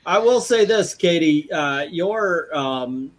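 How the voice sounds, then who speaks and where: A man's voice: a little high, animated, takes it slowly. An American man casually hosting a comics stream over a video call, rambling and joking. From United States. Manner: rambling, jokey, self-deprecating. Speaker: podcast host.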